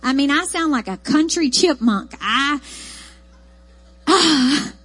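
A woman with an East Texas accent, preaching a sermon in a folksy, animated storytelling way. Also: sits high, normal speed, no echo, low-quality recording.

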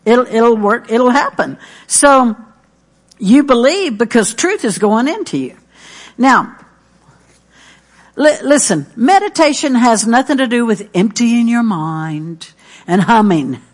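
A woman's voice: fairly high pitch, big pitch swings, slow pace. A middle-aged woman preaching a sermon, earnest and emphatic, repeating her key phrases.

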